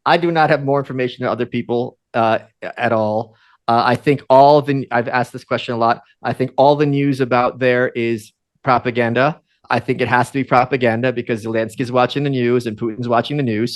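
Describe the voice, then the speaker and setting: A man born in Ukraine, a podcast guest giving his opinions in a casual, rambling way. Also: mid-range voice. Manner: opinionated, rambling, uses fillers.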